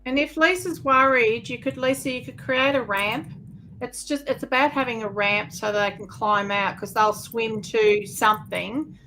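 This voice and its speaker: Bright-voiced woman guest giving tips. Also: fairly high pitch, steady tone, normal speed, low-quality recording. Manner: practical, explaining. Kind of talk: casual live Q&A chat.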